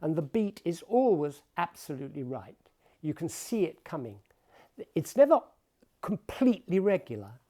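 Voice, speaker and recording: A man giving a talk at the piano about poetry and music, explaining with thoughtful pauses. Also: on the high side, big pitch swings, dark tone. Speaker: pianist and lecturer.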